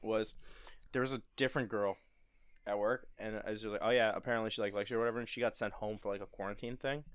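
A man's voice: fairly low pitch, fairly even intonation, quick pace, smooth, no room sound. A young man chatting casually with a friend, telling work stories with laughs and swearing. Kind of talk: casual chat.

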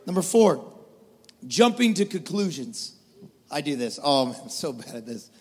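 A man preaching a sermon as pastor, animated, swinging from loud preaching to quiet storytelling. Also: fairly high pitch, moderate pace, breathy edge. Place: large church hall. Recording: reverberant church hall with soft music.

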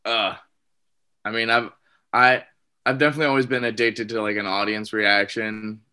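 A man's voice: on the low side, fairly even intonation, normal speed, pushed and bright, clear, resonant tone. A man who is a comedian guest on a podcast, telling wry, self-deprecating stories in casual chat.

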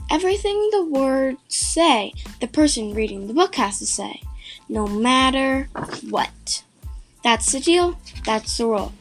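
A woman podcast host reading a children's book aloud, breaking into mock-protesting outbursts and silly nonsense sounds. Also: sits high.

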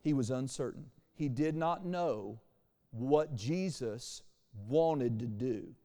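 Animated male preacher in a reverberant hall. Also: mid-range voice, slow. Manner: animated preacher, shifts from quiet to loud. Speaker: pastor. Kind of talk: sermon. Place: church sanctuary.

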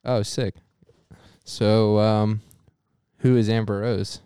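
A man's voice: on the low side, little pitch movement, slow, mellow, clear, resonant tone, dry recording, clean studio sound. A young man co-hosting a podcast in casual chat, joking crudely and laughing often. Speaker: podcast co-host.

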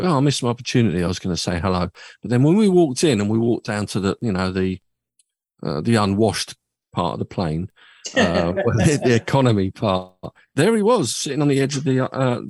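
A man's voice: lowish voice, darkish tone, dry recording, studio quality. A man hosting a radio music show, chatting casually and rambling through anecdotes with lots of fillers. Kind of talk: casual chat.

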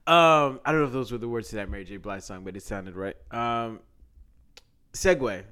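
A man's voice: medium pitch, normal speed, pushed and bright, clean tone. A young man co-hosting a podcast in casual, jokey chat, often laughing. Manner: laughs often, jokey, puts on mock voices. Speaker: podcast co-host.

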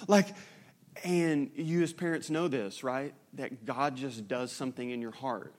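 A man, a pastor preaching a sermon in a conversational, animated way with frequent "right?" asides. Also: medium pitch, unhurried.

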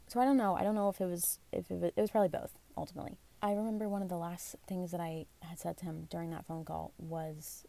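Young woman vlogger, casual confessional storytelling, candid and rambling, gravelly and mellow tone. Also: fairly low pitch. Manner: candid, rambling, self-deprecating, lots of fillers. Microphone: phone or basic mic.

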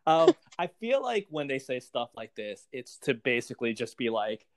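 A man in casual chat recapping a TV episode, animated, acting out the characters' lines and laughing often. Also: mid-range voice, moderate pace, no room sound. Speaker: podcast co-host recapping a TV episode.

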